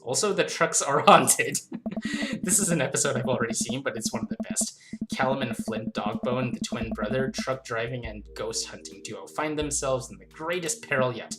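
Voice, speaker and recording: A woman's voice: rumbling low, expressive, normal speed, background noise. A young woman playing a story game, reading the dialogue aloud in a playful, giggly way and commenting between lines. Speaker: let's play host. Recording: game music under voice.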